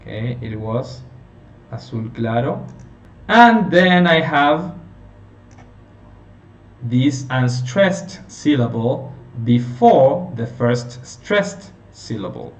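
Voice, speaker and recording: A man teaching a phonetics lesson, explaining slowly and checking in with his listeners. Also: medium pitch, expressive. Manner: slow, explanatory, checking in with "okay?". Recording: roomy, distant, dull lo-fi sound with faint hiss.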